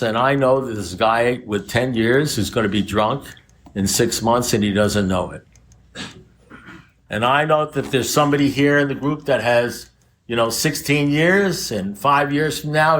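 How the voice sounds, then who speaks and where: A man's voice: mid-range voice, normal speed, fairly bright tone, slight background noise. Blunt, profane man in his seventies. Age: 70s. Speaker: recovery meeting speaker. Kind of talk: recovery meeting talk. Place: recovery meeting room with a group.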